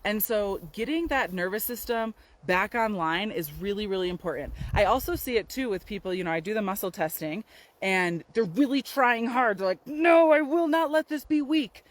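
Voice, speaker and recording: A woman's voice: medium pitch, lively intonation, normal speed, poor audio. A woman, a naturopathic doctor, chatting casually to a handheld phone camera outdoors on a windy day, full of fillers and "right?" tags. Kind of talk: casual health talk to camera.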